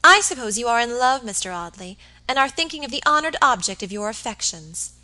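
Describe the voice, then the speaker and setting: A woman reading the part of an impatient, sharp-tongued young lady, tart and mocking. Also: a little high, big pitch swings, fairly quick, voice pushed up, poor audio. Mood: teasing.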